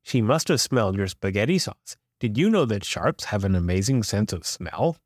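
A man voicing a nosy adult woman neighbor in a children's storybook, asking slow, inquisitive questions. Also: fairly low pitch, lively intonation, darkish tone, dry recording, clean studio sound. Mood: curious.

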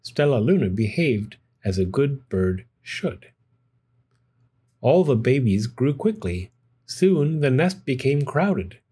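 A man reads a children's storybook aloud with gentle, expressive pacing. His voice sits at a middle pitch, mellow and dark, with a soft husky grain. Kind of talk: children's picture book read aloud.

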